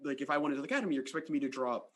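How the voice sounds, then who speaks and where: A man's voice: medium pitch, fairly even intonation, racing, a bit bright. A man hosting a podcast, talking in a conversational way and saying "like" often. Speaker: podcast host.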